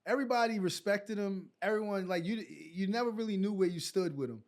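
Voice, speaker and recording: A man with a very high voice tells a story as an interview guest. He talks in an animated way and acts out the other people's lines himself. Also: a little fast. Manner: animated storyteller acting out quotes. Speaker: guest, former basketball player.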